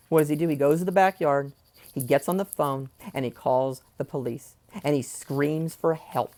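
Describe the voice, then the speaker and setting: A man's voice: on the high side, steady tone, moderate pace, a little mellow. A man at home in his chair, telling a personal story in a heated, indignant way, with rhetorical questions and swearing. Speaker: vlogger telling a family story. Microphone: wearing headphones, close mic.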